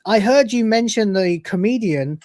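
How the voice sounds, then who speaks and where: A man's voice: high-pitched, lively intonation, normal speed, darkish tone, dry recording, clean studio sound. A man hosting a casual livestream, joking crudely while reading out donations, his throat still sore from being sick. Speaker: livestream host.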